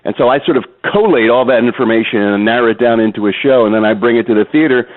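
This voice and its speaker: This guest, a voice actor and impressionist, speaks fast in a mid-range voice during a phone interview about his craft. The line sounds tinny, and he stays animated throughout, joking and breaking into impressions.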